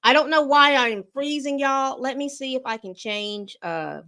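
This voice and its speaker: A woman with a somewhat high voice gives loose, chatty commentary, pausing to talk straight to her audience. Her delivery is relaxed and conversational. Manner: chatty, addresses viewers directly. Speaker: entertainment commentary host. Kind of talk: casual commentary.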